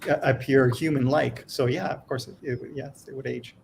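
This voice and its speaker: A man with a gravelly voice pitched in the middle range chats casually on a panel as a series creator. He talks haltingly, stopping and restarting often. Faint noise sits under the recording. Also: fairly even intonation. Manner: hesitant, many restarts and fillers. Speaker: TV series creator, podcast guest.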